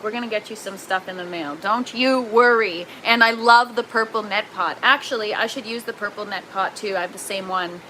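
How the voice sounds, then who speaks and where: A young adult woman with a Canadian accent, hosting a gardening livestream in an excitable, chatty way and reading viewer comments aloud. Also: a little high, slight background noise, low-quality recording. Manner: excitable, chatty, quick to laugh.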